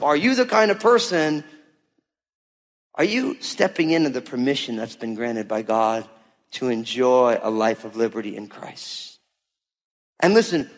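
A man preaching a sermon to his church in a conversational, emphatic way, often acting out quoted voices. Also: high voice. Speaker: pastor. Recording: long hall reverb.

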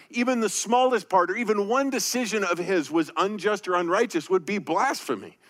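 A man preaching a verse-by-verse sermon, earnest and emphatic, slowing down to read scripture aloud. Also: high voice, fairly bright tone. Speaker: pastor. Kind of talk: sermon teaching through scripture.

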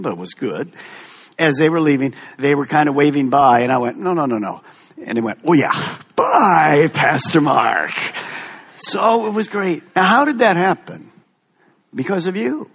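Male pastor, emphatic sermon delivery, lively pitch, slightly husky. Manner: animated, emphatic preaching with wide swings.

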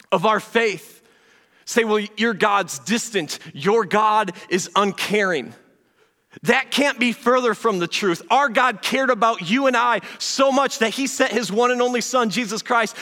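A man preaching a sermon as pastor, earnest and conversational, sometimes dropping into soft, slow asides. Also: very high voice, long reverb tail.

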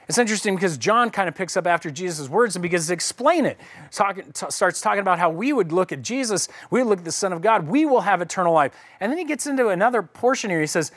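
A man's voice: high voice, lively intonation, fast talker, a bit bright. A man preaching a conversational sermon as pastor, casually acting out the voices of people in the story.

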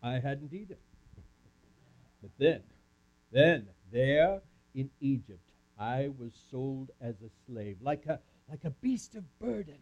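This is a theatrical first-person monologue by a man acting as a camp speaker and talking with a volunteer from the audience. His medium-pitched, darkish voice swings widely in pitch, and he goes slowly with many pauses. The recording is muffled and lo-fi.

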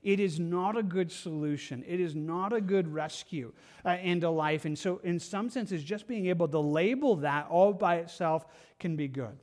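A man's voice: high voice, normal speed, hardly any pauses, a little mellow. A man preaching a sermon as pastor, earnest, with frequent repeated words and restarts.

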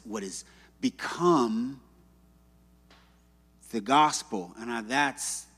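A man's voice: medium pitch, a bit bright, slightly rough. A man preaching a sermon in a church, in a conversational, joking storyteller manner. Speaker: pastor. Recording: long reverb in a hall.

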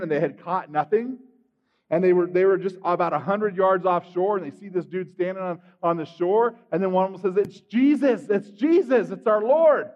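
Male preacher, high voice, animated, swings loud to soft, long hall reverb, muffled sound. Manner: animated storytelling, acting out scenes, swings from loud to hushed. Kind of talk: sermon.

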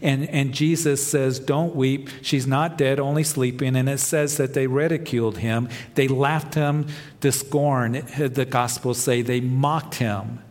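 A male pastor delivering a sermon, with rising emphasis and soft dramatic drops. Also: mid-range voice, fairly even intonation, measured pace. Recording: long reverb of a large hall.

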